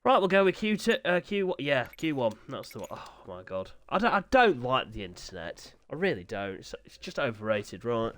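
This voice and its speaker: A man commentating live sim motorbike racing on his own stream, excitable and chatty with joking asides. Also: mid-range voice, moderate pace, hardly any pauses. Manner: excitable, chatty, self-deprecating, swings to exasperated asides. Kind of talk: live esports race commentary.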